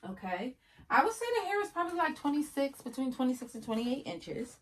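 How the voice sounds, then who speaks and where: A woman casually reviewing a wig for her viewers, chatty and often yelling with excitement. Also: sits high, brisk. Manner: chatty, addresses viewers as y'all.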